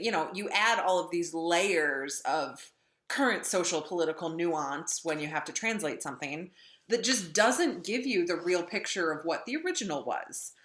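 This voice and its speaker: Low-pitched woman, wry chatty lecturer, roomy echo. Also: a bit bright. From North Dakota. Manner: chatty, wry, with many ums. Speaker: literature lecturer. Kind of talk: classroom lecture. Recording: echoey room.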